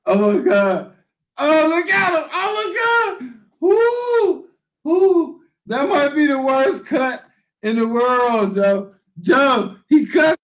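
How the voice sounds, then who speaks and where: A man, a priest, giving a reaction commentary on a video, laughing uncontrollably and shouting out exclamations in slangy, repetitive bursts. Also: very high-pitched, animated, slow pace.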